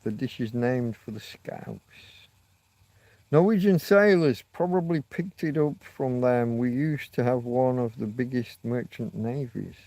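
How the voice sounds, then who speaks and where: Man, livestream host, rambling chat, unhurried, dry close sound. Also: mid-range voice, warm tone, no echo. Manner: meandering, reacts to chat, self-mocking asides. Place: living in Spain.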